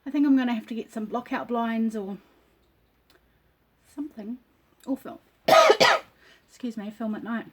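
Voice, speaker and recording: Speaking a little slowly and pausing often, a middle-aged craft vlogger with a rather high voice chats to camera from her home dining nook. Her talk rambles with lots of ums, broken by an occasional cough.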